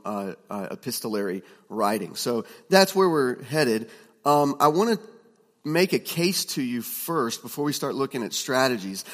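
A man teaching a class of preachers, chatty and relaxed, with fillers and restarts as he tells stories. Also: medium pitch, long reverb tail. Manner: conversational, many fillers and restarts, storytelling asides. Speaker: preaching instructor.

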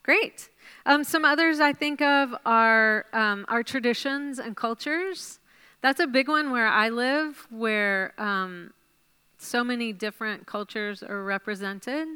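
A woman teaches a Bible study group at a slow, unhurried pace, stopping often to praise answers. Her voice is bright and smooth. She thinks aloud while jotting ideas down. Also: a little high. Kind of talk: leading a class discussion.

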